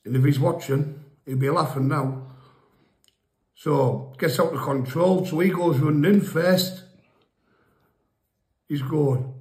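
A man's voice: a little high, takes it slowly, long pauses, darkish tone. A man casually telling rambling, funny stories about his past, laughing and swearing as he goes. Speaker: storyteller guest. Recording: echoey room.

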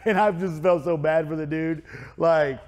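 A man's voice: fairly high pitch, fairly even intonation, moderate pace, a little mellow, big-room sound. A man who owns a car wrap and tint shop, telling a story in a casual vlog, rambling and full of fillers. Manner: rambling, filler-heavy chatty delivery.

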